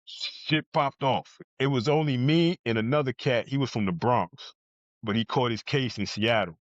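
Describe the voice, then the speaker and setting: New Jersey man, podcast guest, mid-pitched, blunt and profane, acts out other people's lines; muffled, dry recording. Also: normal speed, no echo. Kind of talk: casual storytelling.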